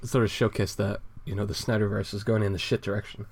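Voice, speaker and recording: A man's voice: on the low side, level tone, fast, creaky, a little mellow, husky. A man co-hosting a casual podcast, rambling and laid-back, swearing and laughing often as he walks through a comic. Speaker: podcast co-host reviewing a comic. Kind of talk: casual chat.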